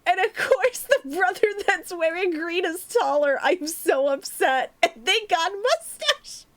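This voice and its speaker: Young female streamer, high-pitched, excitable, unhurried playthrough chat. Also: soft background music. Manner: giggly, excitable reactions. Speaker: VTuber streamer. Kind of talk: casual gameplay commentary.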